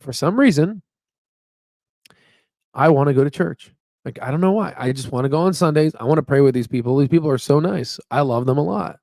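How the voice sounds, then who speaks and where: A man's voice: a little high, fairly quick, creaky, a little mellow, no echo, clean studio sound. A man hosting a casual live stream about stocks, rambling and upbeat with lots of fillers and "you know what I mean.". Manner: upbeat and chatty. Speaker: stock market channel host.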